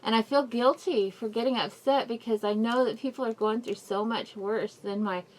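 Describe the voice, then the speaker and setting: A woman's voice: on the high side, fairly even intonation, moderate pace. A woman vlogging a personal update, rambling and apologetic, in pain and near tears. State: in mouth pain, crying at times. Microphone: camera mic, wearing a face mask.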